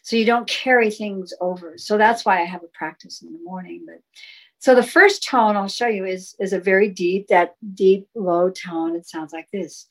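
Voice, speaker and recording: A woman's voice: mid-range voice, moderate pace, low-quality recording. A woman guest in a talk conversation, explaining sound healing in an encouraging, flowing way and demonstrating chanted tones. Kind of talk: casual interview talk.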